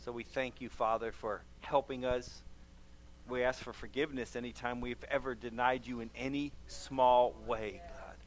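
A man's voice: mid-range voice, flat delivery, moderate pace. A man who is a pastor, preaching emphatically and leading a closing prayer, repeating phrases for stress.

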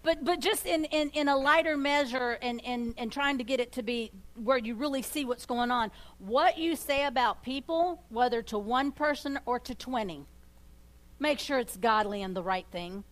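A woman co-leading a church talk, telling personal stories in a halting way with many restarts. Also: on the high side. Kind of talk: sermon conversation.

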